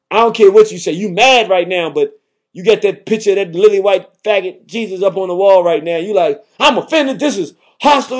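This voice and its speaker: High-voiced man ranting as a host. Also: a little mellow. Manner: combative, ranting, emphatic. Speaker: radio talk host. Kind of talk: impassioned monologue.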